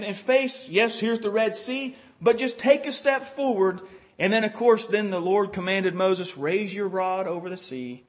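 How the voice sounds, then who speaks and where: A male preacher delivering an earnest sermon, often acting out the prayers of biblical figures. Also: high-pitched. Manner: earnest, repetitive restarts, quotes prayers in character.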